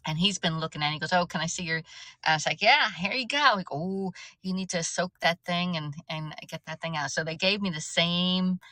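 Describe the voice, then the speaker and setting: A chatty woman talking casually on a livestream, her voice bright and forceful yet sitting a little low. She rambles and restarts often. The sound is close and dry, with no room around it. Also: fairly even intonation, fairly quick, dry recording, low-quality recording. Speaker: livestream host. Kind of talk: casual livestream chat, reading viewer comments.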